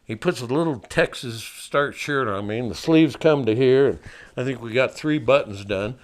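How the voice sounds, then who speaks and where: A man's voice: medium pitch, normal speed. An older man from Montana telling a personal story in a folksy, wry way, laughing at himself.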